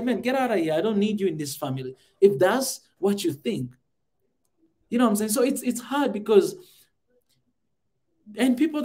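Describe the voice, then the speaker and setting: A man's voice: high voice, a little mellow. A man, speaking fervently on a podcast and repeating phrases for emphasis. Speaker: podcast host. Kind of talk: impassioned podcast monologue.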